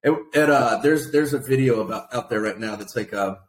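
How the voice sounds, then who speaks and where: A brisk, medium-pitched male co-host talks politics casually on a podcast, animated as he laughs and mimics people. An echoey room and faint noise mark the recording.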